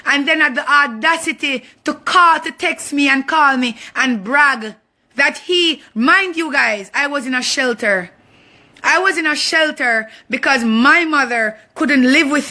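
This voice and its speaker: A woman's voice: sits high, sharp tone. A young woman with a Jamaican accent delivering an impassioned personal monologue, confrontational and emphatic, repeating phrases for force. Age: young adult. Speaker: vlogger.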